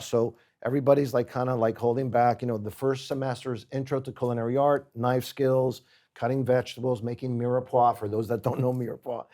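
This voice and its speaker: Speaking a little fast at medium pitch, a Puerto Rican guest chef tells casual podcast stories. He's animated, performing the people in his tales.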